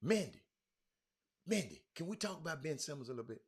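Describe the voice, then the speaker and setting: A man hosting a sports talk stream with a Houston accent, loudly calling out viewers by name, repeating himself and talking over the chat. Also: fairly high pitch, big pitch swings, a little fast. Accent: Southern US, Houston. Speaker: sports talk show host. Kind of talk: animated live-stream sports talk, reading viewer comments.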